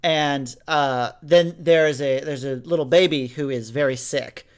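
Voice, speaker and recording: Young male podcast co-host, casual rambling recap, higher than average pitch. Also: unhurried, smooth. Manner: rambling, frequent restarts and fillers. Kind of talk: casual chat reviewing an audio drama.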